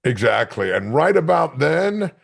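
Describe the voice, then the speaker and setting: A man hosting a podcast, telling animated stories with casual swearing and stammered restarts. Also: a little high, a little slow, creaky, slightly rough. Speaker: podcast host. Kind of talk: casual interview chat. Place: podcast studio.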